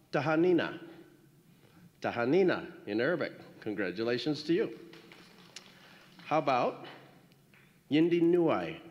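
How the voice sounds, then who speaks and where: A man giving a ceremony speech at a graduation, playfully trying out congratulations in many languages before warmer closing words. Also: mid-range voice. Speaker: school official addressing graduates. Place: large hall at a graduation ceremony. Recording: echoey hall, dull lo-fi sound.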